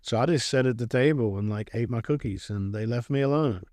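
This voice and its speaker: A man's voice: mid-range voice, fairly quick, a little mellow, no room sound. Middle-aged guy rambling through his story, laughs a lot, plain mid voice, dry close sound. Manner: rambling, laughs often, acts out quoted talk. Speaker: guest giving a testimony. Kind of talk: casual storytelling.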